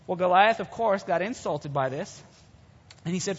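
Husky high-voiced male preacher. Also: normal speed. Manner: casual, animated storytelling to young listeners. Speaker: youth preacher. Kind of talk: sermon retelling a Bible story. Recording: dull sound with long hall reverb.

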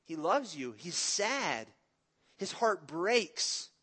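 A man's voice: high voice, big pitch swings, drawn-out words, a bit bright, slightly rough. A man in his thirties preaching a sermon in an earnest, conversational way, mixing in stories about his family. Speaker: pastor.

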